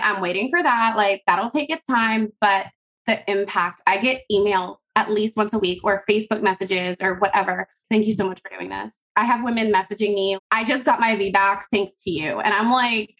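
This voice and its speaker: A woman's voice: medium pitch, fairly bright tone. A woman in her thirties, a podcast guest telling a long story in casual, rambling interview chat, full of fillers and acted-out quotes.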